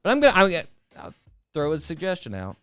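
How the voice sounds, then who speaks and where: Guy hosting a podcast, sarcastic, voice jumps all over, smooth and clear. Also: a little high, wildly swooping pitch, quick pace, faint music behind. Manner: wry, sarcastic, keeps addressing his co-host. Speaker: podcast host. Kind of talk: casual chat.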